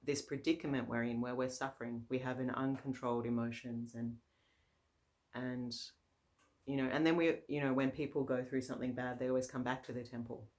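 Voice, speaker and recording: A woman's voice: rumbling low, fairly even intonation, fairly quick, darkish tone. A woman, a Buddhist nun and teacher, giving a casual, conversational dharma talk, often laughing and circling back with fillers and restarts.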